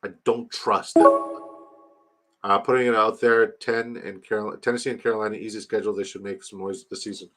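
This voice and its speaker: A man hosting a casual fantasy football livestream, animated and swearing freely as he reads viewer comments aloud. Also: on the low side, brisk, soft background music. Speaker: livestream host reading chat.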